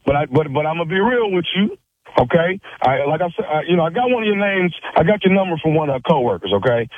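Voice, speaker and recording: Male prank caller, slightly high, pushy with stifled laughs; dry, tinny phone audio. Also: sing-song, quick pace, no room sound.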